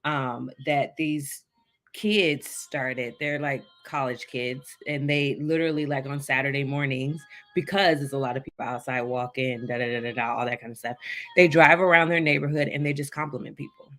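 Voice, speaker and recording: A woman's voice: a bass voice, fairly even intonation, a bit bright. A woman co-host in a casual chat, rambling with plenty of "like" and "you know.". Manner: rambling, lots of fillers, quick bursts.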